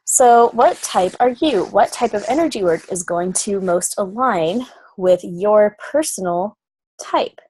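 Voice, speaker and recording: A woman teaching an energy-healing class, earnest and reassuring, guiding listeners through slow breathing steps. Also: mid-range voice, animated, a little mellow, husky. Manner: earnest, reassuring, with frequent "um"s and guided breathing prompts. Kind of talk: recorded class lecture.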